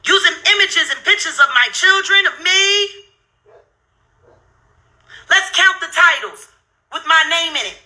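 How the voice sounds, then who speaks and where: Middle-aged woman host, heated cursing rant, very high voice, cutting edge to it. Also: expressive, measured pace, pauses often, bright, forceful tone. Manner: heated, cursing, repetitive, counts aloud sarcastically. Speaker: channel host ranting to viewers. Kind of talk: angry profane rant while browsing videos on screen.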